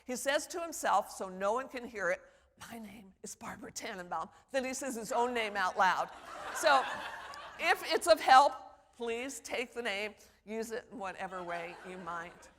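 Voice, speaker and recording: A woman's voice: on the high side, a little slow. A woman teaching public speaking at a conference, lecturing and acting out quoted voices as examples. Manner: animated, acts out quoted voices. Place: conference hall. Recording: long hall reverb.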